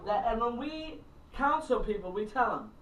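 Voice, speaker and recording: A woman's voice: a little high, expressive, normal speed. A middle-aged woman minister and counselor giving a casual, blunt and candid teaching talk to a small group, acting out phone calls. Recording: roomy, distant mic, faint background noise.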